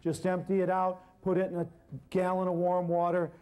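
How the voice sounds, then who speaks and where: A man telling an animated story to an audience, acting out the people in it as he goes. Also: high voice, moderate pace. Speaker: herbal healer telling a story on stage. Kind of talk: storytelling lecture.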